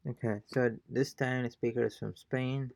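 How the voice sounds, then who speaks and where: A man's voice: medium pitch, steady tone, normal speed, creaky, dry recording. A man teaching a casual language lesson as a fellow learner, hesitant and thinking aloud with many fillers. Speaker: self-taught Spanish learner teaching a lesson.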